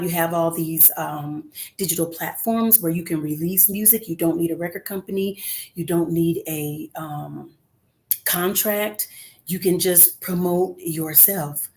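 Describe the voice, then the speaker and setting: A middle-aged woman with a fairly low voice chats as a guest singer over a remote call. She talks earnestly and encouragingly, with plenty of "um"s along the way. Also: unhurried, darkish tone, slight background noise. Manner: conversational with frequent "um" fillers, earnest and encouraging. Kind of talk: casual interview.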